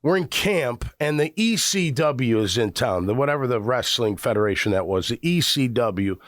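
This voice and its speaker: Animated rambling radio host. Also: male voice, mid-range voice, normal speed, no room sound, studio quality. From Chicago area. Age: middle-aged. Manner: rambling, animated, frequent restarts. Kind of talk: casual radio storytelling. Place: radio studio.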